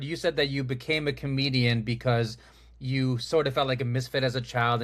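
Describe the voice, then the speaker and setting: An American man hosts a relaxed interview, with an ordinary mid-pitched voice. He asks follow-up questions and keeps nudging the guest along with short murmurs of agreement. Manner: attentive interviewer, frequent short backchannels. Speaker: podcast host. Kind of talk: casual interview.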